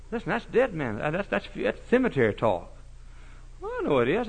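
Shouting preacher, lively pitch. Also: male voice, brisk, creaky, husky. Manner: shouting preacher, swings from loud to hushed; folksy, mocking humor. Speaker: pastor. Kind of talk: sermon.

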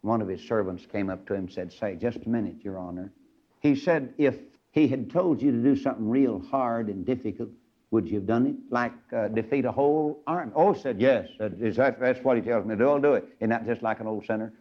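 Fiery preacher on old lo-fi tape. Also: male voice, medium pitch, a little fast. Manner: fiery, acts out Bible characters. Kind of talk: old-time radio sermon.

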